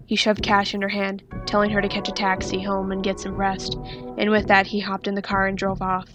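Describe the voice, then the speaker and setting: A woman's voice: medium pitch, completely flat delivery, brisk, lo-fi sound. Woman reading fan fiction over music. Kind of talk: dramatic story reading.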